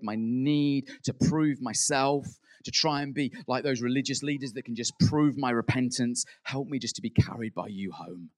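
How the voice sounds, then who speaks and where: A man with a mid-range voice preaches a sermon earnestly. He builds to emphatic peaks, then drops soft, and he acts out the prayers he quotes.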